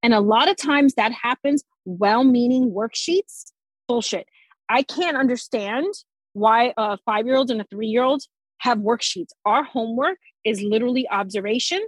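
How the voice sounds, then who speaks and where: Casting: husky-voiced woman with a New Jersey accent, blunt educator, dry close sound. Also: a little high, normal speed, dry recording, rough recording. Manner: blunt, swears freely, animated. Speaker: forest school teacher. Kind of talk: casual podcast conversation.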